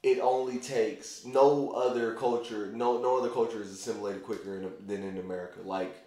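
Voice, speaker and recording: A man's voice: fairly low pitch, fairly even intonation, brisk, dark tone. A man in a casual conversation, talking loosely and rambling with lots of "like" and restarts. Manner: loose and rambling, heavy use of "like". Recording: very echoey room.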